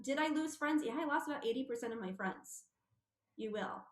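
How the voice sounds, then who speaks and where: A woman, a guest on a radio talk show, telling her story with lively acted-out quotes. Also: high-pitched, fairly quick, roomy sound. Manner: animated storyteller, acting out quotes. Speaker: guest, intuitive medium. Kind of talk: casual radio interview.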